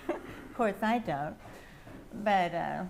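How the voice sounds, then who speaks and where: An older woman with an English accent, sharing a meandering personal testimony with soft laughs. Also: fairly low pitch, expressive, very slow, gravelly, background noise. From England. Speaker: testimony speaker at a prayer house.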